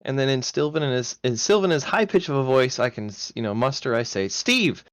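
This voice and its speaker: A man's voice: mid-range voice, fast talker, dry recording. A man playing in a tabletop game, eagerly asking questions and working out tricks as he goes. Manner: eager, plans out loud with questions. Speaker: player. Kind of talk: casual tabletop play.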